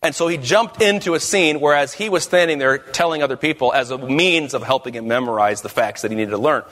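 A man's voice: medium pitch, brisk, fairly bright tone. A man giving a church Bible-study teaching talk with emphatic phrasing and stumbling restarts. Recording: reverberant hall.

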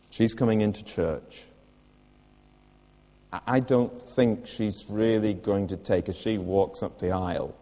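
Older male preacher, deep and mellow. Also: big-room sound. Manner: earnest, asks the listeners direct questions. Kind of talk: sermon. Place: church.

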